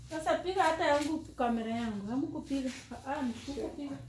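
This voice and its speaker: Loud, exclamatory high-voiced woman. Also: fast talker, slight background noise. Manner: loud, exclamatory, laughing, repeats herself. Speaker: mother. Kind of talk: casual family chat. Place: outdoors at a rural home.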